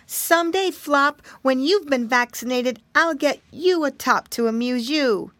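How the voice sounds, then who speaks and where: A woman voicing a little sick piglet boy in a storybook reading, lifting her voice high and small with a polite, pleading manner. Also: lively intonation, measured pace, a bit bright, dry recording. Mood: kindly.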